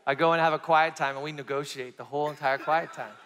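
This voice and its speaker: A man preaching a testimony in a high voice, dropping to near-whispers and then climbing back up as he tells the story. His words ring out with a long reverb from a big hall. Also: quick pace, slight background noise. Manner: animated storytelling, swings loud and soft. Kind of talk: sermon testimony.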